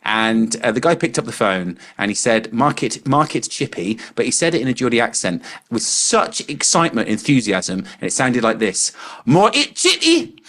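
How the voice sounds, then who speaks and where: A man's voice: mid-range voice, animated, normal speed, few pauses, fairly bright tone. Chatty rambling English man. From England. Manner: rambling, chuckling, self-deprecating. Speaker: podcast co-host. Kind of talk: casual chat.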